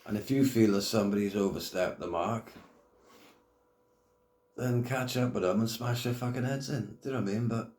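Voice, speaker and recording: A middle-aged man holding forth in a blunt, foul-mouthed rant, his voice sitting fairly low. The sound bounces around an echoey room. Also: darkish tone. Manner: blunt, heavy swearing, blokey slang. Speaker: YouTube commentator. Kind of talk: casual rant to camera.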